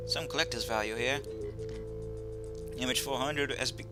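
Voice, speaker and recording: A man's voice: mid-range voice, moderate pace, long pauses. Dry man playing a game. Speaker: gamer. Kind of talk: game let's play, reading the lead's lines. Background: game music.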